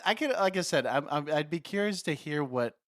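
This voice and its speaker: Animated man with a lively voice. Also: on the high side, fairly quick, no room sound, studio quality. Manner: animated, riffs on ideas, laughs. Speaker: podcast co-host. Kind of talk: casual chat.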